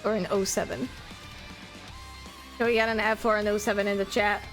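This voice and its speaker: A woman streamer, a native French speaker, chatting casually and reading her chat aloud, bubbly and excitable. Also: medium pitch, a little fast, soft background music. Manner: bubbly, excitable, squeals greetings to viewers.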